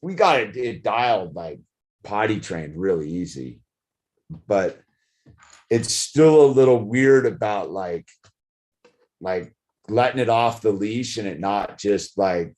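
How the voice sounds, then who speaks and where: A man's voice: on the low side, animated, takes it slowly, long pauses, darkish tone. A middle-aged man, rambling casually to camera, full of "dude" and "like". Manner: rambling, says "dude" and "like" a lot. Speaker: vlogger.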